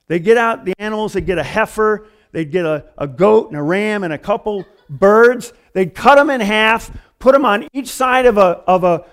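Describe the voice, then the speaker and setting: A man preaching a conversational sermon in a casual, folksy way, often saying "man" and "you know". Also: sits high. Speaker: pastor.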